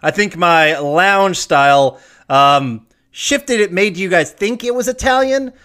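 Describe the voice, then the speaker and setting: A man's voice: high-pitched, slow. A man hosting a casual trivia quiz, reading questions and judging answers. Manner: lively, reads trivia questions aloud. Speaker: quiz host. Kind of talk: casual quiz show banter.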